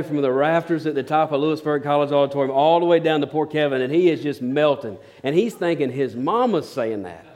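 A man's voice: a little high, fairly quick, few pauses, a little mellow. A man preaching a sermon, telling stories in a folksy, rambling way with fillers and restarts. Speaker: pastor.

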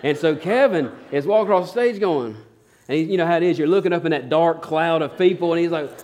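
A man's voice: on the high side, fast, a little mellow. A man preaching a sermon, telling stories in a folksy, rambling way with fillers and restarts. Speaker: pastor.

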